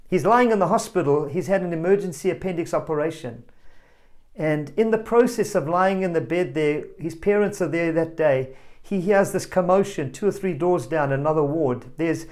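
A male preacher giving a family sermon, telling a story with animated energy and calling out directly to children and parents. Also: on the high side. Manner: animated storyteller, rising to loud exclamations.

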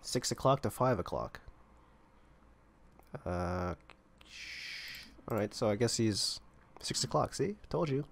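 A man's voice: fairly low pitch, lively intonation, takes it slowly, vocal fry, long pauses. A man giving casual gameplay commentary, thinking aloud and rambling as he explores an online game. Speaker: gamer playing online roleplaying servers.

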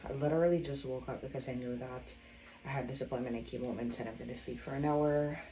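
Low-voiced tired pregnant woman vlogging. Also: steady tone, quick pace, dark tone, a little hiss or hum, rough recording. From Jamaica. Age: 20s. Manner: candid, chatty, unfiltered. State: out of breath, tired. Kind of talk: casual pregnancy vlog.

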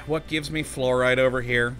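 A man's voice: medium pitch, steady tone, measured pace, bright, forceful tone, faint music behind. A man commentating casually as he plays a video game, talking to himself, easily exasperated and laughing often. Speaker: let's play host.

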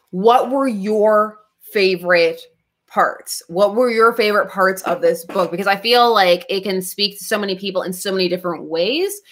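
A woman hosting a casual comic book club livestream, talking in a rambling way with many restarts and laughs. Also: mid-range voice. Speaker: comic book channel host.

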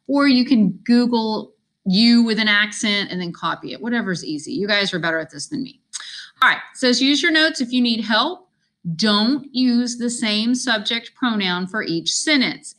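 Chatty woman teacher, bright voice. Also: mid-range voice. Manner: chatty, repeats directions step by step. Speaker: Spanish teacher. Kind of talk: screen-recorded lesson walkthrough.

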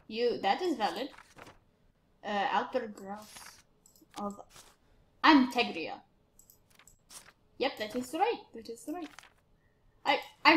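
A woman giving casual game commentary while playing a bossy, impatient border inspector. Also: a little high. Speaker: gamer narrating her play. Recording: roomy, faint noise.

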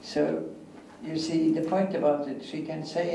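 A man's voice: on the high side, dark tone. Older man lecturing in an echoey hall. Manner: deliberate, repeats key phrases, acts out children's voices. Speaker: guest lecturer. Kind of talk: academic lecture answering questions. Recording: echoey hall, distant mic, faint hiss.

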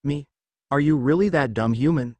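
A man's voice: fairly high pitch, moderate pace, a little mellow, no echo, natural voice. A man voicing a huge sealed male nine-tailed fox who growls and mocks. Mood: scornful. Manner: growling, mocking.

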